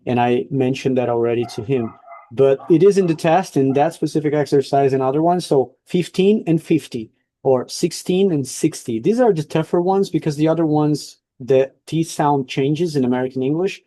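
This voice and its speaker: Male teacher, online class, dark, dry sound, coaching tone. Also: on the high side, fairly quick, no room sound. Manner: explaining, coaching, frequent checks. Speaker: English teacher.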